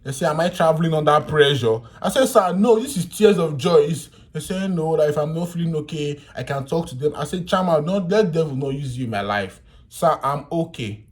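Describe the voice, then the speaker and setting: A young man from Nigeria with a Nigerian accent, telling a travel story to camera in a loose, animated way, laughing and swinging between loud and quiet. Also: on the high side, fairly quick. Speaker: vlogger. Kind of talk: casual storytelling in pidgin.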